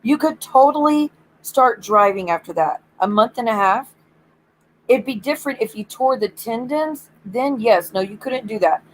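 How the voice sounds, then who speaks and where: A woman's voice: fairly high pitch, animated, moderate pace, a little hiss or hum, rough recording. A woman streamer ranting bluntly and swearing in casual stream chat.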